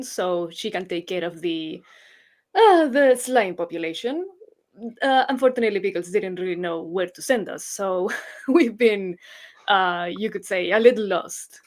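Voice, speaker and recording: A woman's voice: medium pitch, lively intonation, unhurried. A woman playing in a casual tabletop game, chatty and playful, asking about rules. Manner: chatty, playful, laughs easily. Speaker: player.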